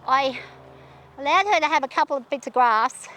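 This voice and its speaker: A woman talking while riding her horse outdoors, shaky and anxious, talking herself through her nerves and calming the horse. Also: high-pitched, normal speed, a little hiss or hum. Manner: nervous, talks herself through, soothes the horse. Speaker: horse rider vlogger.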